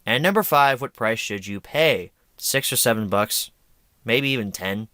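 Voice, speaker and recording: Chatty, opinionated man with a lively voice. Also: medium pitch, a little slow, no echo. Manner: chatty, opinionated, self-deprecating. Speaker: host of a home media review show. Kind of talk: casual vlog commentary.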